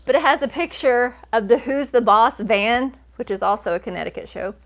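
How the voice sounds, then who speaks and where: A woman's voice: a little high, fairly quick. Female live stream co-host, casual and chatty, thanks viewers and moderators. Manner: chatty, relaxed, with fillers and trailing sentences.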